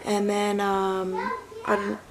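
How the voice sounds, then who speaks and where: In a slow, completely flat, mid-range voice against a noisy background, a woman in her thirties tells a casual personal story. She's a mom and vlogger who chats on with fillers and keeps correcting herself.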